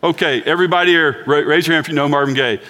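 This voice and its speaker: A man's voice: on the high side, rapid-fire, pushed and bright. Conversational man preaching a sermon. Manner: conversational, joking with the congregation. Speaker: pastor. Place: church.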